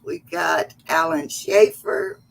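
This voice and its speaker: A woman's voice: sits low, wildly swooping pitch, slow, creaky. A middle-aged woman hosting a casual livestream chat, chatty and greeting viewers by name with endearments like sweetheart and honey. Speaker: livestream host.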